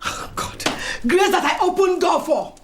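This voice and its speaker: An actress with a Nigerian accent playing Betty, a proud, furious club matriarch, shouting and laughing scornfully. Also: female voice, very high-pitched, expressive, unhurried, echoey room, slight background noise. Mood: indignant. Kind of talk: Nollywood film acting.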